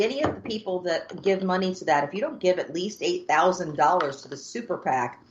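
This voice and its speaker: Woman podcast co-host, lowish voice, blunt and exasperated, swears freely, dull muffled recording. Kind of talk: casual political chat. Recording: dull lo-fi sound.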